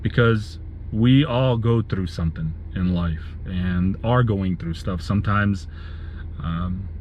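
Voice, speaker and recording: A man telling a sad story from his work in a vlog while driving, speaking haltingly with many restarts. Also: low voice, a little mellow, lo-fi sound, slight background noise. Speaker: lawn care business owner vlogging.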